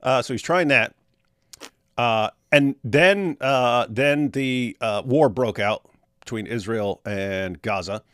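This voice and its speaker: A man hosting a casual livestream chat, in an ordinary mid-pitched voice. He rambles and jokes, drifting between thoughts. The sound is dry and close, with no room echo. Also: slow pace, fairly bright tone. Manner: jokey and rambling, breaks into silly voices. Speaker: show host.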